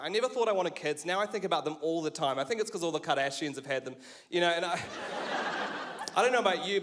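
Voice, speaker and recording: A man's voice: high voice, noisy background. A man from New Zealand in his thirties with a New Zealand accent, doing a self-deprecating stand-up set on stage. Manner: wry, self-deprecating, laughing at his own lines. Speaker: stand-up comedian.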